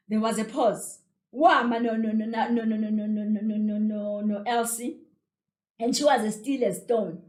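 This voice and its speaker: A South African woman teaches a revision lesson, animated and repeating phrases to drive points home. Her voice is fairly high and echoes in a roomy space. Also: normal speed. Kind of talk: explaining a story in an exam revision lesson. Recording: roomy echo.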